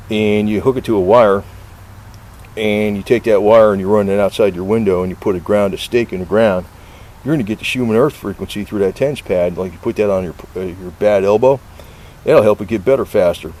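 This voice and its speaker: A man's voice: on the low side, fairly quick, darkish tone. Rambling man coaxing his cats. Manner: coaxing pet talk mixed with rambling asides and casual swearing. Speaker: cat owner filming his cats. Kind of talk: casual rambling monologue.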